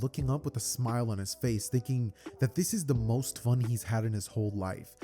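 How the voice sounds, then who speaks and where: A man's voice: mid-range voice, a little fast, few pauses, mellow. A man casually narrating a fan-made story, rambling with lots of fillers. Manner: rambling, filler-heavy retelling. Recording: faint background music.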